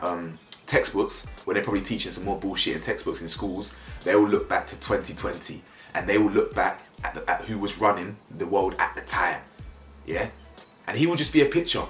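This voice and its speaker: A young man with giving opinionated vlog commentary, getting worked up so his voice leaps high when he is indignant. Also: fairly bright tone. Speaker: YouTube commentator. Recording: roomy echo, faint music behind.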